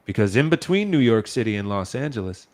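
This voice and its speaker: A very deep-voiced man argues his opinions in a casual chat. He is emphatic and sure of himself. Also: sing-song, a little fast, darkish tone.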